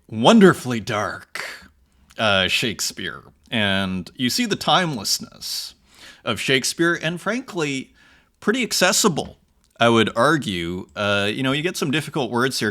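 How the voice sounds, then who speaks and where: Bright-voiced man hosting an art show. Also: medium pitch, sing-song. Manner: conversational, often reads aloud with slow dramatic emphasis. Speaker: host. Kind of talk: casual commentary livestream.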